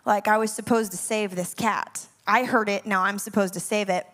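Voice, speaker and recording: A woman worship leader telling a funny dream story, animated and dramatic, laughing as she goes. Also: mid-range voice, normal speed. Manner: animated, laughing often, dramatic self-mocking asides. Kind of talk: humorous dream storytelling to a class.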